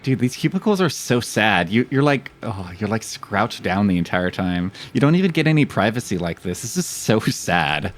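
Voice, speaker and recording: Jokey, low-voiced male streamer. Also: very animated, normal speed, few pauses. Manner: chatty, jokey, swears freely. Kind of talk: gaming stream commentary. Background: faint game music.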